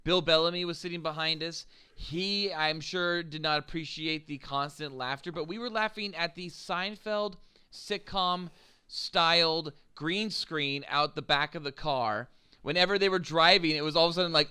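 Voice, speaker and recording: A man's voice: on the high side, normal speed, pushed and bright, clear, resonant tone. A young man co-hosting a podcast in casual chat, joking and swearing freely. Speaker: podcast co-host.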